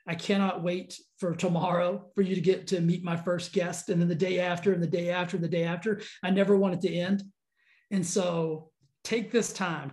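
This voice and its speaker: A man with a high-pitched voice delivers an earnest motivational monologue as a podcast host. He speaks fervently, repeating phrases and restarting lines as he builds momentum. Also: darkish tone.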